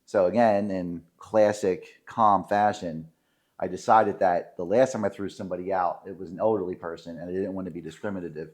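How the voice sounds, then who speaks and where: A man's voice: low voice, steady tone, fairly quick, darkish tone. A man, co-hosting a podcast and telling self-deprecating referee stories with many fillers. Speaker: podcast co-host, sports referee. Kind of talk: casual storytelling chat.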